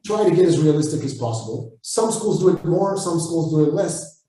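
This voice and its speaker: A man's voice: fairly high pitch, expressive, brisk. Blunt Israeli man, echoey and distant. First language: Hebrew. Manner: blunt, forceful, swears freely. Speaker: Krav Maga instructor, guest. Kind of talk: interview answers. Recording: echoey room, far from the mic.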